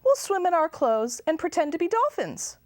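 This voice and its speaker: A woman's voice: extremely high pitch, big pitch swings, normal speed, darkish tone, no room sound, studio quality, pitched above the performer's own voice. A woman voicing a bossy, adventurous little girl in a storybook reading. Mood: pushy. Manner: pushy, bold.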